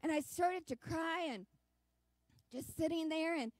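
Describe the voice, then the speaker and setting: A woman's voice: very high voice, unhurried, no room sound. Earnest woman telling a sermon story. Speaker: church speaker. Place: church service.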